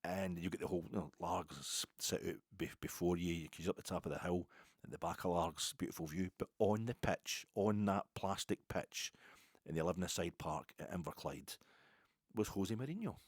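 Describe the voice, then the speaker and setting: A man's voice: deep voice, a little fast, no echo, studio quality. A Scottish man in his fifties hosting a podcast, telling rambling stories full of restarts and asides. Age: 50s. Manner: rambling, self-interrupting storyteller. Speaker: podcast host. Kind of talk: casual podcast monologue.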